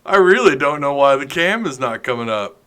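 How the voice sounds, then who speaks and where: A man's voice: on the high side, lively intonation, fairly quick, pushed and bright, smooth. A man hosting a sports podcast livestream, chatty and joking while he fumbles with his setup. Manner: joking, chatty, flustered by tech trouble. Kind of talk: casual livestream chat.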